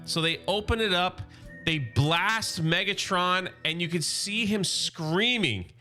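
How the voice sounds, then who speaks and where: Chatty man with a bright voice. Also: sits high, takes it slowly, faint music behind. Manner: enthusiastic and chatty, full of "like" and "you know". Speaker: YouTube host recapping a comic series. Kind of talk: casual comic recap commentary.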